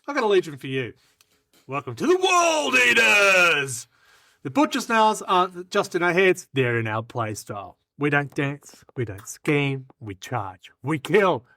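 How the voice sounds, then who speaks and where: Lively, bright-voiced man shouting a hammy pitch. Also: dry recording, studio quality. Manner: hammy, bursts into shouting and laughter. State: slightly hoarse after illness. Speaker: podcast co-host. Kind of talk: mock recruitment pitch for a tabletop army.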